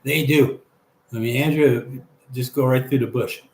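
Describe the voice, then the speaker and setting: A man's voice: medium pitch, fairly even intonation, moderate pace, a little mellow. Older man chatting through a live stream. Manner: chatty, reads viewer comments aloud and answers them. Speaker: livestream host reading chat. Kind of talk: casual chat. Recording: echoey room with faint background hum.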